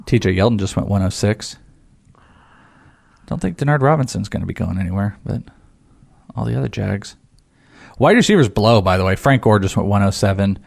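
A man's voice: lowish voice, animated, fairly quick, gravelly, pauses often, a little mellow. A man in casual, joking chat during a fantasy football draft, often slipping into goofy voices.

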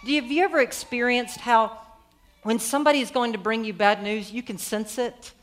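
A woman with a fairly high voice preaches a sermon at a fairly quick pace, retelling a story in an animated, conversational way. Along the way she puts questions to her listeners.

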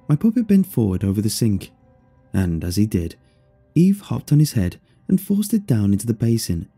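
Man, first-person story narration, dark husky voice, lively pitch, dryly amused, faint music behind. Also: brisk.

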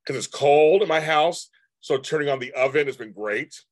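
A man's voice: on the high side, moderate pace, no room sound. A man in his fifties hosting a live stream, chatting casually and rambling as he answers comments from viewers. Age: 50s.

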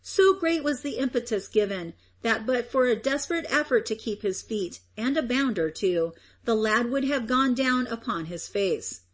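A woman narrates a story aloud in a measured, expressive reading. Her voice sits a little higher than most women's. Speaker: audiobook narrator. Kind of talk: scripted narration.

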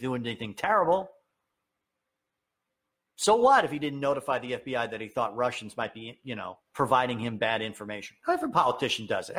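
A man giving an opinionated political rant, heated and sarcastic, with sudden high, emphatic outbursts. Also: fairly bright tone, husky. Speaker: political commentator.

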